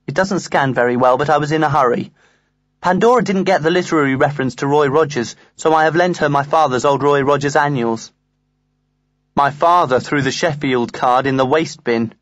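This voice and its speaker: A man reading a comic diary aloud in the first person, earnest and lively. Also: medium pitch, normal speed, dry recording. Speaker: audiobook reader.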